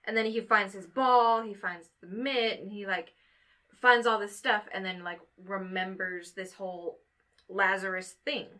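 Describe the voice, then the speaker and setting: A woman's voice: mid-range voice, fairly even intonation, measured pace, pushed and bright. A woman co-hosting a podcast, casually retelling a film's plot and laughing often. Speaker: podcast co-host. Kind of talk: casual movie discussion.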